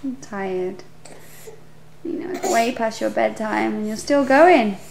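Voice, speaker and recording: A woman's voice: a little high, slow pace, vocal fry, a little mellow. A young woman, a mother, talking in sing-song, coaxing baby talk at home, filmed on her phone. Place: home, indoors. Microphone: phone camera. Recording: noisy home phone video.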